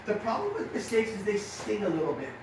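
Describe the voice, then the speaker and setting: A middle-aged man giving an energetic motivational talk to young riders as their coach, telling stories and acting out the dialogue. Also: high-pitched, fast talker, background noise. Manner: energetic, storytelling, acts out dialogue. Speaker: riding coach. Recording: echoey room, far from mic.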